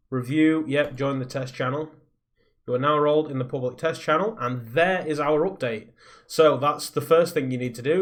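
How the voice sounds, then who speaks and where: A man's voice: fairly high pitch, a bit bright. A man live streaming from a soundproofed home recording room, rambling in casual chat and reading viewer comments aloud. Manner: rambling, reads viewer comments aloud, skims text with "blah blah".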